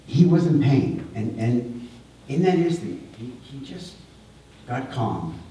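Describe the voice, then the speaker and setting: Man giving a halting eulogy in an echoey hall. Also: medium pitch, big pitch swings, mellow, a little hiss or hum. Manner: halting, repeats words, speaks with feeling. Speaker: eulogy speaker. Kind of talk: memorial eulogy. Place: large hall at a memorial service. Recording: echoey hall, voice far from the mic.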